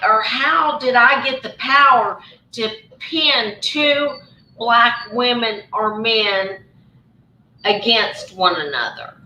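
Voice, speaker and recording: A woman with a Southern US accent hosts a casual live chat. She speaks very slowly and carefully, with a bright voice. The sound bounces around an echoey room. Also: on the high side, muffled recording, a little hiss or hum. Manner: slow and careful, hesitant. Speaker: live stream host.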